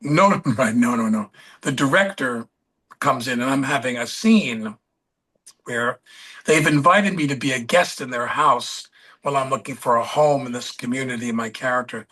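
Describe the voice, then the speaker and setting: Bright, husky male storyteller. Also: medium pitch, normal speed. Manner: rambling, searches for names mid-story. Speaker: podcast guest. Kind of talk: anecdotal interview storytelling.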